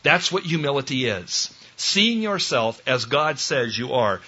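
A man delivers a sermon in a husky, forceful voice, pitched a little high. He drives his points home by repeating key phrases and acting out the voices he quotes. The recording sounds dull and lo-fi. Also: lively intonation, measured pace. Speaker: preacher.

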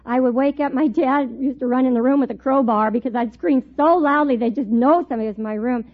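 A middle-aged woman with a fairly high voice teaching a Bible class. She tells her stories in an animated way and laughs often. The recording is thin and tinny, like a phone line. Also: quick pace. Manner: animated storyteller, laughs often while telling.

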